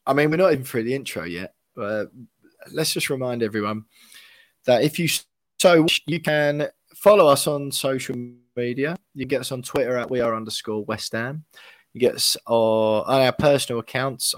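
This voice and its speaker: A man's voice: mid-range voice, no room sound. A young man from England hosting a podcast, talking in a matter-of-fact, bantering way. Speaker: podcast host. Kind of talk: casual chat and podcast plugs.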